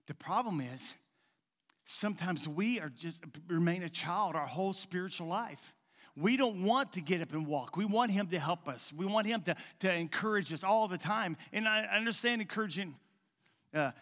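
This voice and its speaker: A male pastor preaching in a folksy, rambling way, at times dropping to a soft coaxing tone. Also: high voice, animated, moderate pace. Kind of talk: sermon. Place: church sanctuary. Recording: long hall reverb.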